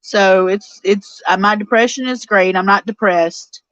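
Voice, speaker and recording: A woman in her forties with a drawl hosts a casual live stream, reading viewers' messages and talking to them directly. She gets easily emotional and tearful, and her voice is mid-pitched. The sound is dry and a bit dull, like a lo-fi home setup. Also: measured pace, a bit bright, no echo. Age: 40s. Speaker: show host reading live chat.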